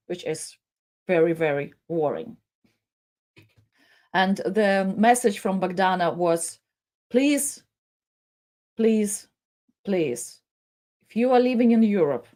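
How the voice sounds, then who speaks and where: Woman, emotional live commentator, tearful, impassioned pleading, halting delivery. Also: medium pitch, a little mellow.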